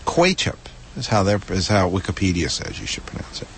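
A man's voice: sits low, very animated, quick pace, gravelly, a little hiss or hum. A man co-hosting a tech radio show, speaking in a dry, matter-of-fact way. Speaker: co-host. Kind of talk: casual studio banter.

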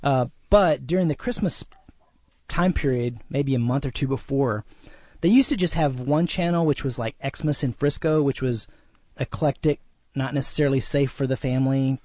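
A man's voice: medium pitch, normal speed, a little mellow, no room sound. A man co-hosting a radio show in casual chat, rambling along with lots of restarts and "like"s. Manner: rambling, full of fillers and restarts.

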